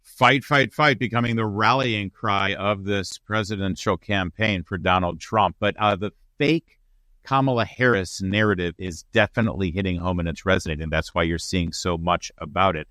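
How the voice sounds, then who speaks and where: Male host, very deep voice, punchy and opinionated, dry close sound. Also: steady tone, moderate pace, a bit bright, no echo. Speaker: show host. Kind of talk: political commentary.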